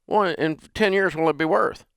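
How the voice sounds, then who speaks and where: A man's voice: a little high, normal speed, creaky, a bit bright, smooth, no echo, clean studio sound, voice pushed up. A man voicing his thrifty old Southern grandfather, who asks short, skeptical questions. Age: older.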